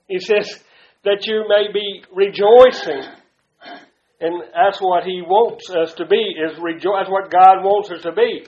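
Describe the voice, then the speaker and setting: High-voiced preacher in an echoey church. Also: male voice, slow, dull audio. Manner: preaches with swings from loud to hushed, prompts the congregation. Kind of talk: sermon. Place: church before a congregation.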